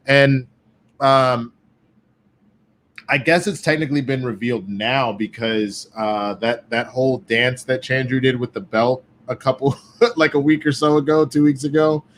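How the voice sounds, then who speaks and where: A man swapping stories on a casual podcast, swearing often and jumping into other people's voices as he tells it. His pitch sits in the middle range. A faint noise hums underneath. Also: measured pace. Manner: profane, animated storytelling with quoted voices. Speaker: guest.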